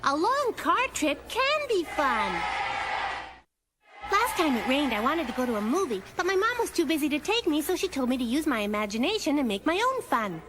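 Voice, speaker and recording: A woman's voice: high voice, sing-song, normal speed, noisy background. A woman voicing a chatty, cheeky young cartoon girl who tells playful stories with giggles. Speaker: narrator character. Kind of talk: cartoon monologue to the audience.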